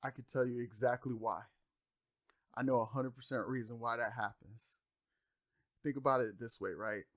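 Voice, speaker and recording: A man's voice: medium pitch, steady tone, moderate pace, fairly bright tone. A man co-hosting a casual podcast, laid-back, reasoning through points and chiming in with agreement. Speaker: podcast co-host. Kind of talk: casual chat.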